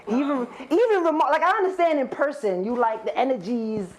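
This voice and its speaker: A man's voice: very high voice, lively intonation, fairly quick, a little hiss or hum. A man doing a stand-up comedy set, rambling, profane and conversational as he talks straight to the crowd on stage. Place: stage before a live audience.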